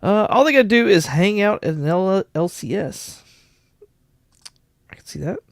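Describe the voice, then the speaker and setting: A man's voice: high voice, animated, normal speed, gravelly, no echo, clean studio sound. A man hosting a casual livestream, greeting chatters by name and laughing often. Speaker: livestream host.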